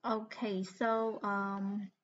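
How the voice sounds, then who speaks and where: A woman's voice: medium pitch, level tone, drawn-out words. A woman from Cambodia with a Khmer accent, a native Khmer speaker, teaching English grammar in a recorded lesson and explaining patiently step by step, spelling out letters. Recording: slightly muffled lo-fi recording.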